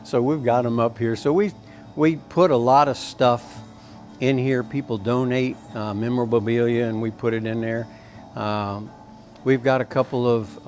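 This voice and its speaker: A man with a Tennessee drawl tells rambling, folksy stories about his country store in an easygoing way, pausing on fillers as he goes. His voice sits at an ordinary middle pitch, and soft music plays quietly behind him. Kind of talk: casual storytelling.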